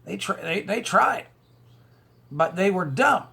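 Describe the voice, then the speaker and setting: Male vlogger, husky and raspy, rambling preachy commentary with rhetorical questions. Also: sits high, animated, takes it slowly, sharp tone. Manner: rambling, stumbles and repeats words, rhetorical questions, chuckles. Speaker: online video host. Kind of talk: conspiracy and religious commentary monologue.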